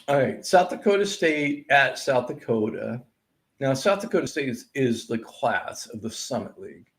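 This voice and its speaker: A man's voice: mid-range voice, gravelly. A man hosting a sports-picks recap, going over college basketball scores in an exasperated, sarcastic rant. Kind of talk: ranting sports betting recap.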